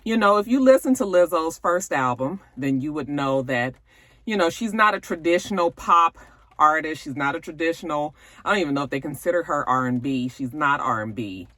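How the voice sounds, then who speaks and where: A woman's voice: low voice, lively intonation, a little fast, fairly bright tone, dry recording. A woman hosting a gossip show from home, chatting casually and rambling to her viewers with lots of fillers. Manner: chatty, rambling, many fillers, addresses viewers as you guys.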